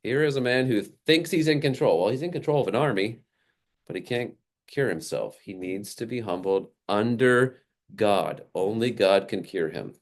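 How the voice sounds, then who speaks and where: A man preaching a sermon, animated and acting out the people he quotes, with frequent small laughs. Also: on the low side, moderate pace. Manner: animated, acts out quoted characters, laughs often. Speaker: pastor.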